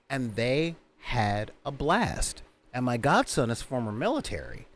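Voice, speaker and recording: A man hosting a tabletop gaming channel, telling animated stories in casual chat and slipping into quick character voices. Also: mid-range voice.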